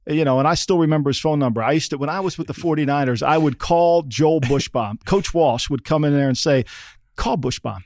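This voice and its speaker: A man's voice: on the high side, fast talker, hardly any pauses, darkish tone, no echo, studio quality. A middle-aged man co-hosting a football podcast, talking in an emphatic, repetitive way and often checking in with "okay?". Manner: emphatic, repeats points, says "okay?" often. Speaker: podcast co-host, former NFL front office. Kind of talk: casual sports talk.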